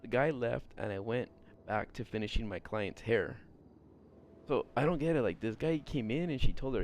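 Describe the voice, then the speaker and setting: Streamer guy ranting casually, middle-pitched voice, swears and laughs a lot. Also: moderate pace. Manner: exasperated, rambling, swears, laughs at what he reads. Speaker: streamer reading viewer stories. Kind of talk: casual live-stream commentary.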